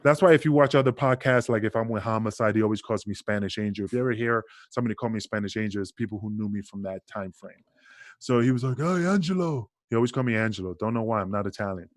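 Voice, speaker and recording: A man's voice: lowish voice, fast talker, dry recording, clean studio sound. Profane, rambling New man. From Queensbridge, New York. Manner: profane, rambling, animated storyteller. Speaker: podcast guest, wrestler. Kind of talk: casual storytelling chat.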